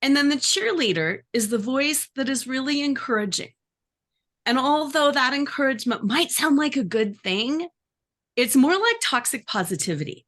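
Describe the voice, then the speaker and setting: Woman, life coach, workshop teaching, animated, slightly high voice. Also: moderate pace. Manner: animated, acts out inner voices.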